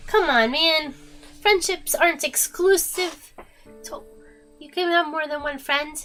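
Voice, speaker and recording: A woman's voice: high voice, unhurried, pushed and bright, faint music behind. A woman voicing a flustered young boy in a game who pleads and defends himself to a friend. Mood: defensive.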